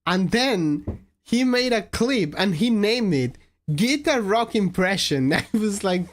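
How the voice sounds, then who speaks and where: Giggly woman streamer, slow and lively. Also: mid-range voice. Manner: giggly, laughs often while answering chat. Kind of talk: casual live-stream chat.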